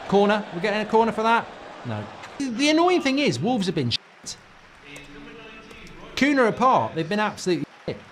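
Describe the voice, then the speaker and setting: Brief: middle-aged football fan host, high lively voice, exasperated swearing rants, faint background hiss. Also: male voice. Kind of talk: live match reaction commentary.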